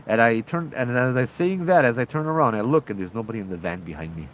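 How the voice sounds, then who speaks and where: A man with a Hawaii local accent telling a ghost story casually, animated, acting out the voices of people in it. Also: medium pitch, fast, a little hiss or hum, rough recording. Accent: Hawaii local English. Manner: animated, acts out voices in dialogue. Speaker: ghost tour guide and storyteller.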